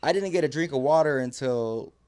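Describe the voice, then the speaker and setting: A man's voice: a little high, animated, fairly quick, darkish tone. A man casually telling a story on a podcast, laid-back, using slang and laughing often. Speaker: podcast guest.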